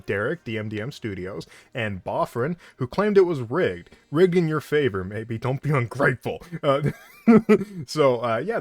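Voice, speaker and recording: A man's voice: mid-range voice, dry recording. A man co-hosting a live tabletop game stream, chatting casually and joking between giveaway announcements. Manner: jokey, laughs often, slips into a hyped wrestling-announcer voice. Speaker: co-host running a giveaway. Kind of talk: casual livestream chat.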